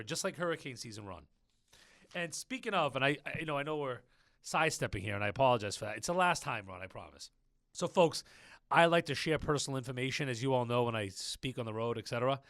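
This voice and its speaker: A man's voice: on the high side, a bit bright, no echo, clean studio sound. Chatty man hosting a business podcast. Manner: chatty, storytelling, addresses listeners as folks. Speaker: podcast host. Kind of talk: casual business podcast chat.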